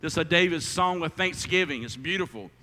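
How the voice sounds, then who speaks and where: A man's voice: on the high side, expressive, brisk, bright, forceful tone, big-room sound. A man preaching a sermon as pastor, stumbling through restarts and fillers and rising to emphatic calls.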